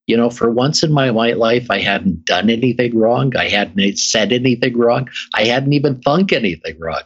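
A middle-aged man with a husky, mid-range voice appears as a guest on an interview show, telling his story with emphasis and repeating phrases for effect. The recording is dull and lo-fi.

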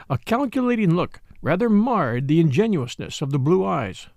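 A man narrating a novel in a scripted reading. His pitch is lively and slightly raised. The recording is close and dry. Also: moderate pace, vocal fry, few pauses, dry recording. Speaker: audiobook narrator.

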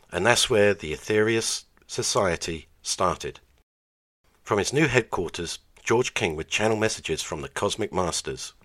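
A man's voice: low-pitched, fairly bright tone, dry recording. Dry sarcastic man narrating. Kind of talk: wry commentary over archive clips.

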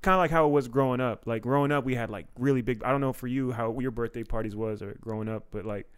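A man's voice: mid-range voice, fast, clean tone. A man from Washington, D.C. hosting a podcast, telling stories in a laid-back, slangy way with plenty of swearing. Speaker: podcast host and comedian. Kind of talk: casual podcast chat.

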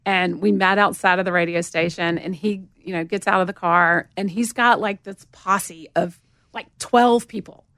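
A woman's voice: normal speed, no echo, clean studio sound. Storytelling woman with a Southern accent. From Montgomery, Alabama. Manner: animated storyteller, acts out quotes in a higher voice. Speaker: guest, music promotion veteran. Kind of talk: casual storytelling interview.

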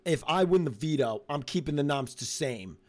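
A man co-hosting a podcast, reacting to a reality show in casual chat, excitable and animated, often talking over his partner. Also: a little high, normal speed. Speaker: podcast co-host.

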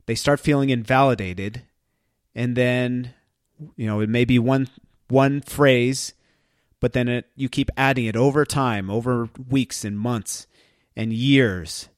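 A man's voice: medium pitch, steady tone, a little slow, no room sound, clean studio sound. A middle-aged man hosting a parenting podcast, speaking earnestly in a reflective monologue and reading out a list of phrases.

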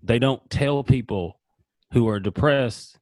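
A man's voice: mid-range voice, slow pace, darkish tone, dry recording. A man in his thirties on a podcast, rambling in crude, casual chat and acting out quotes in a raised voice. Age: 30s. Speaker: podcast co-host.

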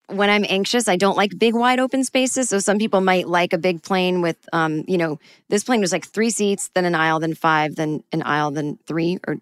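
A middle-aged woman telling a personal story in a lively way, acting out her own frantic voice in sudden high bursts. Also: dry recording, clean studio sound.

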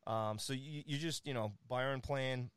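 An energetic man rattles through soccer scores in a casual talk show segment, full of fillers and playful jabs at his co-host. His voice sounds smooth and resonant, recorded close and dry with no room around it. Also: mid-range voice, measured pace, no echo.

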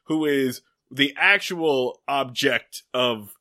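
A man's voice: sits high, lively intonation, moderate pace, sharp tone. A man in casual comedic podcast chat, sarcastically recapping a TV episode with profane asides. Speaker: podcast co-host.

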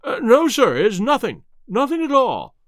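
A man's voice: high voice, big pitch swings, normal speed, dry recording, clean studio sound. A man voicing a stammering frightened butler. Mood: pleading. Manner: stammering, pleading. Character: nervous, cornered middle-aged male butler.

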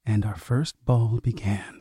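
A man narrating a story in a measured, expressive reading. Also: on the low side, husky, soft background music.

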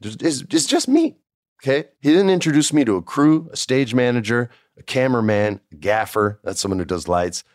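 A man's voice: medium pitch, brisk, hardly any pauses, no room sound, clean studio sound. A man from New Mexico telling a backstage story in casual chat, acting out the other people's voices. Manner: animated, acts out voices of others. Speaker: storyteller guest.

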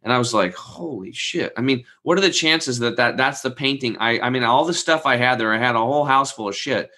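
A man in his forties with a bright, forceful tone tells a rambling personal story in a casual chat. He animates it by acting out the people he quotes, and drops casual swearing along the way. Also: medium pitch, fast. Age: 40s. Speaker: guest telling a story.

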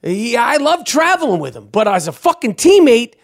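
A man's voice: sing-song, moderate pace, heavily acted. A man putting on a cranky male basketball star who swears and complains about a teammate. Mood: exasperated. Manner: profane, complaining, raised pitch. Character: gruff, exasperated male star point guard.

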